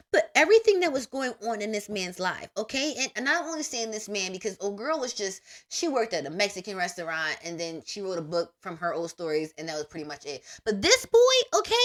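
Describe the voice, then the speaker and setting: A young adult woman hosting a podcast, giving a casual, emphatic monologue full of slang and big pitch swings. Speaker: podcast host.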